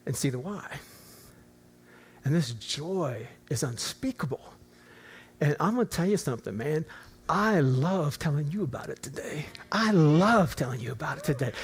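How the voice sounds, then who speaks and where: A man, an older pastor, preaching a storytelling sermon in a church, animated and swinging from quiet asides to near-shouts. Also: on the high side. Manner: animated, rising to near-shouts in acted prayers. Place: church auditorium.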